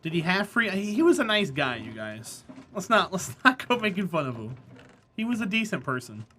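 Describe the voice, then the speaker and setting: A woman gaming on a live stream, her voice clear and bright as she talks straight to her chat. She is blunt and sure of her opinions, calling out viewers by name and pushing back when they disagree. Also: fairly low pitch, big pitch swings, normal speed, a little hiss or hum.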